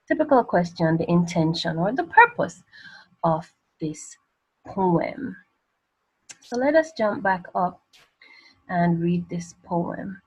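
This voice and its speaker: Husky-voiced woman teacher going over exam answers. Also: lowish voice, a little mellow, rough recording. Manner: explains step by step, asking rhetorical questions. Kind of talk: exam revision lesson.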